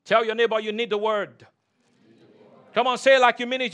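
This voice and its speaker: A man's voice: very high voice, steady tone, fairly quick, long pauses, fairly bright tone, clean tone. A man preaching a sermon as pastor, emphatic, calling for responses from the congregation and repeating key phrases for emphasis.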